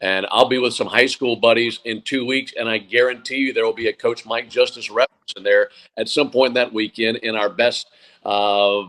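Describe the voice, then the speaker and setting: A man's voice: medium pitch, fairly even intonation, normal speed, fairly bright tone, poor audio. A man in his forties, a sports broadcaster, giving thoughtful interview answers with frequent fillers and restarts. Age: 40s.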